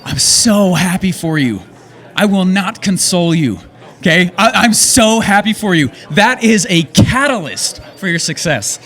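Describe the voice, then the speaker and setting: An excitable young man on a handheld microphone, pumping up an audience with a motivational talk. His voice sits high and he keeps checking in with "okay?" between punchy, fast-talking lines. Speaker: event speaker.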